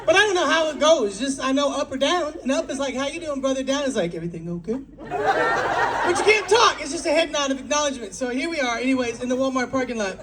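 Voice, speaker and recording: A woman performing an animated stand-up set on a club stage, acting out little quoted voices. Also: sits high, a little fast, background noise. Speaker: stand-up comedian. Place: comedy club stage with laughing crowd. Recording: loud crowd laughter.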